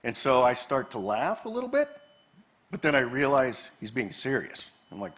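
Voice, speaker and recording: A man's voice: medium pitch, moderate pace. A man giving a live presentation, telling stories from his years as a park ranger and acting out the dialogue. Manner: animated storyteller, acts out quoted dialogue. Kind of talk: storytelling presentation to a live audience. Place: presentation room with a projector screen.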